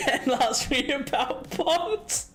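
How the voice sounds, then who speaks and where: Giggly woman streamer, slow delivery, very expressive pitch. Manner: giggly, storytelling. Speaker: livestreamer. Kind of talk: casual stream chat.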